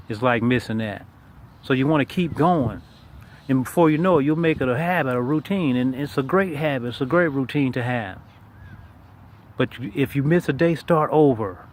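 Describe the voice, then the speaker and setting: Guy teaching breath counting, mid pitched, repeats himself to drive the point home, faint traffic behind. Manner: informal, repetitive, emphatic, talks straight to the listener. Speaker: tai chi and meditation teacher. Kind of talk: casual spoken lesson.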